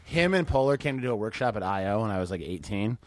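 A comedian guest on a podcast, telling stories in lively casual chat and swearing freely. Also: male voice, on the low side, fast talker, no echo. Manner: animated storytelling, swears freely.

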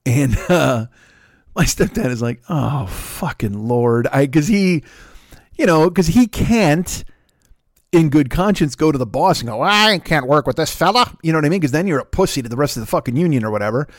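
Middle-aged male podcast host, Chicago accent, salty and animated storyteller, higher pitch, dry close sound. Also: a little fast, dry recording. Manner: animated, swearing, laughing storyteller. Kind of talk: profane casual storytelling.

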